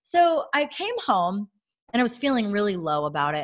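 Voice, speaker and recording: A woman's voice: mid-range voice, big pitch swings, normal speed. A woman in her thirties, a podcast co-host and mother, talking earnestly and reflectively about faith, with many fillers. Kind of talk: casual faith-based podcast talk.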